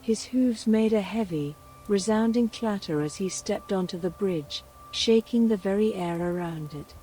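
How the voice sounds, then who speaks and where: Slow, hushed woman telling a folktale. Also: medium pitch, slight background noise, poor audio. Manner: soft, hushed, soothing. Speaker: storyteller. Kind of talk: whispered bedtime storytelling.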